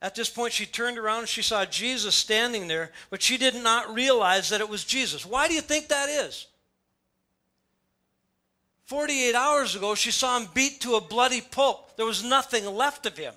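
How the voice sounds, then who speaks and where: Animated preacher with a bright voice. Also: male voice, extremely high pitch, normal speed. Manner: animated storytelling, reading scripture aloud and explaining it. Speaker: pastor. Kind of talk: sermon. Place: church. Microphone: church sound system.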